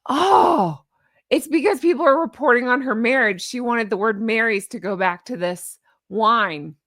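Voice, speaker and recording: Woman host, sarcastic and exasperated commentary, a bit high-pitched, close and dry. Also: moderate pace, a bit bright, dry recording.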